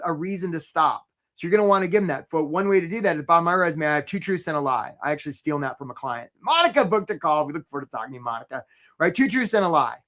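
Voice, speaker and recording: A man hosting a live career webinar, chatty and energetic, tagging his points with "right?" and calling out attendees by name. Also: high voice. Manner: chatty, rhetorical "right?" tags, shout-outs to attendees.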